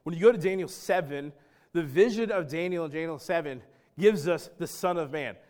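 A man preaching a sermon as pastor, emphatic and dramatic, swinging between loud stretches and hushed ones and talking straight to his congregation. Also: fairly high pitch, normal speed. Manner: acts out quoted speech and addresses the congregation directly.

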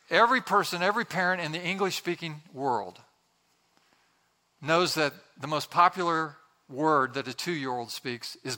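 A male pastor preaches in a church, his bright, forward voice leaning into jokes and playful asides. He tells everyday stories in a chatty, storytelling way and slips briefly into the voices of the people in them. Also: on the high side, moderate pace. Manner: jokey, conversational storytelling with acted-out quotes. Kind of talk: humorous sermon. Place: church with congregation.

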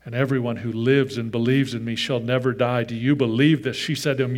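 A man preaching to his congregation in a mid-pitched voice. His delivery is earnest, and he swings between forceful emphasis and soft, almost whispered lines. He pauses to speak directly to the children. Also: steady tone. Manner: earnest, shifts between loud emphasis and hushed softness. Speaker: pastor. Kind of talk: sermon.

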